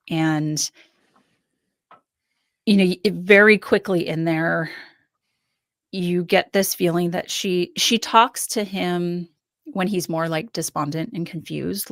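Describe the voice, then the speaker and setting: A woman's voice: lowish voice, vocal fry, no echo, clean studio sound. A woman speaking as a podcast guest, talking things through thoughtfully in casual conversation with frequent fillers. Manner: thoughtful, analytical, many fillers.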